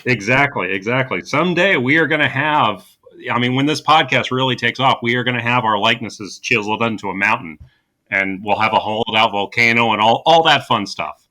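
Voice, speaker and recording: A man with a bright, mid-pitched voice talks through a movie plot on a podcast. He is casual and loose, full of ums and restarts. He slips in deadpan sarcasm as he goes. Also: brisk. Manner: dry sarcastic humor with frequent fillers and restarts. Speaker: podcast co-host.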